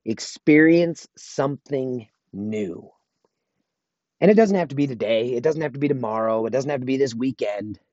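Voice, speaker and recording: Solo podcast host, male, mid-pitched, earnest pep-talk delivery; dry, dull lo-fi recording. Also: animated, moderate pace, darkish tone, no room sound. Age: adult, married. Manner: earnest, motivational, repeats himself for emphasis.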